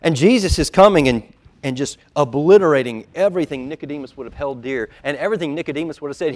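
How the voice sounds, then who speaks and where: Male pastor, sermon delivery; hushed low quotes that build to loud emphatic peaks, church auditorium. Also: fast. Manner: acts out quoted lines in a dropped, quiet voice.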